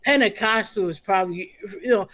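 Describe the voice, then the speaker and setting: A co-host chatting casually on a livestream, telling personal stories in a relaxed way. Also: medium pitch, fairly quick.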